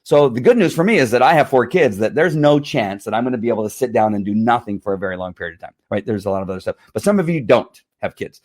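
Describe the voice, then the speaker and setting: A middle-aged man hosting a casual livestream, slightly hoarse from a strained voice, rambling with repeated words and frequent laughs. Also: medium pitch, expressive, quick pace, few pauses, darkish tone. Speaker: livestream host.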